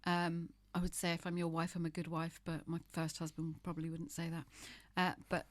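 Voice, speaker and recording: A woman, talking with frank, emphatic candor and a wry streak. Her voice sits a little low, and the sound is close and dry. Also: completely flat delivery, fairly quick, dry recording. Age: 50s. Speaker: guest. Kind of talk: candid interview conversation.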